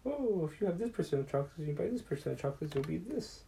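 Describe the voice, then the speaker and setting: Excitable schoolteacher, male, high and chirpy, put on by a man. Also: quick pace, creaky, slight background noise. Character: excitable male schoolteacher doing chocolate math.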